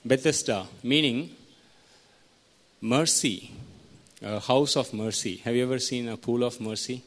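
A man's voice: mid-range voice, a little slow, a bit bright. A man preaching a sermon, teaching verse by verse and putting questions to his listeners. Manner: teaching, asks the congregation questions.

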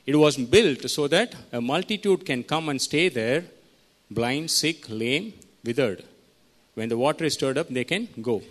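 A man delivers a teaching sermon at a mid pitch. He reads through scripture, tells his listeners which words to underline and keeps putting questions to them. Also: animated, a little slow. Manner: teaching, asks the congregation questions. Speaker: preacher.

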